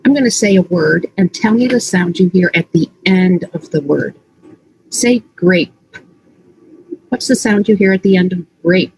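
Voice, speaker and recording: Slow deliberate woman literacy coach. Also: lowish voice, animated, a little mellow, breathy edge, rough recording. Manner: slow, deliberate, exaggerated word sounds. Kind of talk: slow instructional teaching, modeling sounds.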